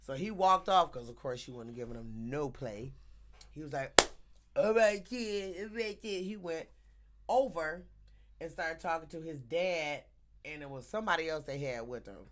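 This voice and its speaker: A woman telling a story in casual chat, animated and laughing often, acting out the people in it. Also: low voice, moderate pace. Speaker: teacher.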